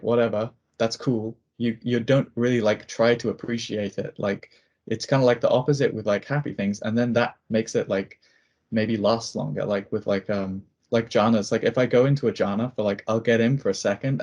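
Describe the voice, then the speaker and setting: A man's voice: fairly low pitch, a little mellow, highs cut off. A young man in a casual chat over a video call, rambling with many fillers and restarts. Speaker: student.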